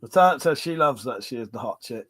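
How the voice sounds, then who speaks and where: A man's voice: medium pitch, animated, fast, fairly bright tone. A man hosting a live stream, chatting casually with viewers and laughing often between jokes and swearing.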